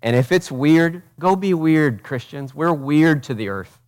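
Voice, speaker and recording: A man's voice: a little high, expressive, a little slow. Passionate man preaching a sermon. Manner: passionate, swings from loud urgent peaks to quiet intimate asides; preaches with rhetorical questions and acted quotes. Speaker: pastor.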